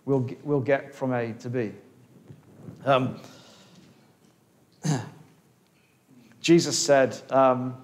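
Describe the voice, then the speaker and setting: A man giving a sermon in a church, earnest and halting, often restarting his words. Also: mid-range voice, fairly even intonation. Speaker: preacher. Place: church hall.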